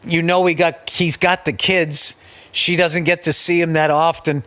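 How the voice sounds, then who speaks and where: A middle-aged man hosting a podcast, telling a story in a casual, profane, animated way and slipping into quick impressions. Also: a little high. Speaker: podcast host.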